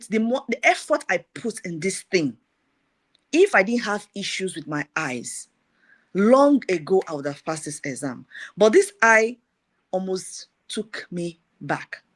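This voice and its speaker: A middle-aged woman giving a personal testimony, retelling events in a lively way with repeated phrases. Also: mid-range voice, unhurried.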